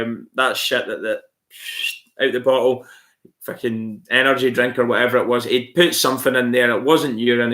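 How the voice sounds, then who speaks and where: Male stream host, casual and blunt, swears a lot, addresses viewers as "mate," bright, sharp-edged voice. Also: medium pitch. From outside Australia. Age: adult, married. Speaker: channel host answering viewer comments. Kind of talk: casual live-stream chat.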